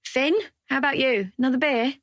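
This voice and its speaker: A woman narrator voicing a loud, eager young man in a raised, pushy voice. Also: sits high, fairly quick, no echo, clean studio sound, pitched above the performer's own voice. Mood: boisterous.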